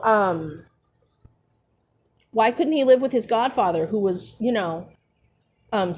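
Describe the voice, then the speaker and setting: A woman's voice: medium pitch, a little mellow, slight background noise. A young woman streaming a book read-along, breaking off into sarcastic, profane commentary full of fillers. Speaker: streamer reading a book aloud. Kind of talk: casual commentary while reading aloud.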